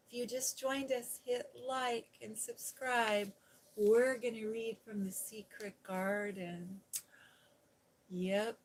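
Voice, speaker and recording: Slow, softly cooing woman storyteller. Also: mid-range voice, poor audio. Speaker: ASMR host reading aloud. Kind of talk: soft-spoken ASMR livestream chat.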